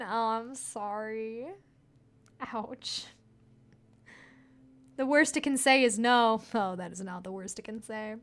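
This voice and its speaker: A woman talking through a video game in casual chat, with a fairly high voice. She jokes, rambles and breaks into laughter often. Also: expressive, slow, pauses often, fairly bright tone. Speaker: game streamer.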